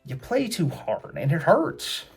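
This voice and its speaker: A man's voice: a little high, wildly swooping pitch, unhurried, faint music behind, voice pushed up, full character voice. A man voicing a grown man in a kids' story, a former bully who talks sheepishly.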